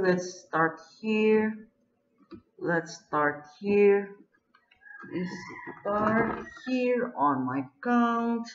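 A gamer giving live gameplay commentary, excitable, full of exclamations and frustrated groans. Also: medium pitch, slight background noise. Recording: dull lo-fi recording.

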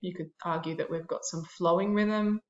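A woman's voice: lowish voice, fairly even intonation, normal speed, reverberant, dull audio, a little hiss or hum. A woman art teacher narrating a classroom lesson, explaining terms and listing examples with a few fillers.

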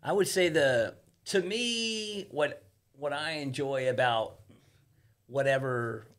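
A man's voice: medium pitch, slow. A man on a podcast, talking casually as a guest, swearing freely and acting out quotes as he tells his stories. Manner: loose storyteller, swears freely, acts out quotes. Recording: podcast studio.

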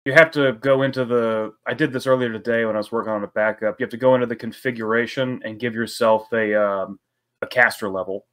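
A man's voice: mid-range voice, fairly even intonation, fast, a bit bright. A man chats casually as a player in a tabletop game. He explains things eagerly, restarting sentences as his ideas run ahead of him.

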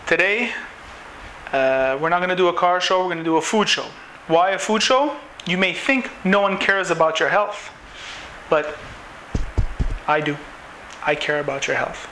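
A man's voice: high-pitched, animated, moderate pace, long pauses, sharp tone, a little hiss or hum. Chatty man cooking. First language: French. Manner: chatty, rambling, full of fillers. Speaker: home cooking show host. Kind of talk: casual cooking demonstration.

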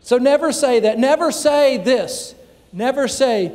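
A man's voice: very high voice, lively intonation, unhurried, darkish tone, slight background noise. A man preaching a sermon as pastor, talking conversationally with frequent fillers, recorded in a church sanctuary. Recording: long church hall reverb.

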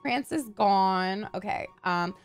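A young woman gaming YouTuber giving casual let's-play commentary, excitable, profane and prone to dramatic outbursts. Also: mid-range voice, slow pace, clean tone, faint music behind.

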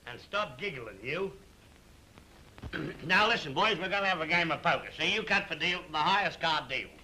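An actor playing an excitable working-class man made king, chatty and bossy, full of slang, in a 1930s film comedy. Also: on the high side, moderate pace, noisy background, close to an everyday voice. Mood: boisterous.

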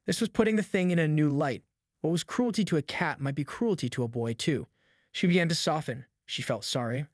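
Man narrating an audiobook, fairly high voice. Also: husky, no room sound, clean studio sound. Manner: steady, measured reading. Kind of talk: scripted narration.

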